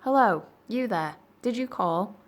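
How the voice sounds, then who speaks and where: A woman's voice: expressive, normal speed. A woman voicing a wary male servant with blunt country speech in a storybook reading. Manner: blunt country speech, low firm tones.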